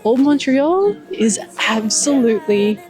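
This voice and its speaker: A woman's voice: a little high, lively intonation, unhurried, darkish tone, soft background music. A young adult woman travel vlogger who talks in an enthusiastic, upbeat and descriptive way. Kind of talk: travel vlog narration.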